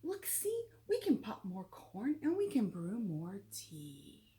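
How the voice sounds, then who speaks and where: A woman voicing a small, excitable mouse in a children's picture-book reading, squeaky and fussing. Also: takes it slowly, heavily acted. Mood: soothing.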